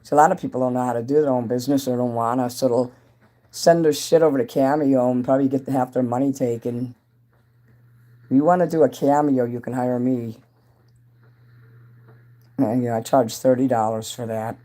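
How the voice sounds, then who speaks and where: A man hosts his own livestream, chatting loosely and greeting viewers as they come in. His voice is mellow and a little dark. He rambles from topic to topic in an offhand, casual way. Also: medium pitch, fairly even intonation, a little fast, pauses often. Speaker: entertainer hosting a livestream.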